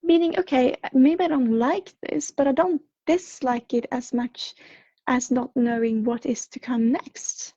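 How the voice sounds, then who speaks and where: A slightly unwell Swedish woman, an intuitive reader, reads messages and chats on a livestream through a home streaming mic that sounds muffled and dry with no echo. Her voice is high yet dark and mellow, with a breathy edge, fairly even intonation and a slightly slow pace. She's gentle and rambly, full of fillers and soft laughs.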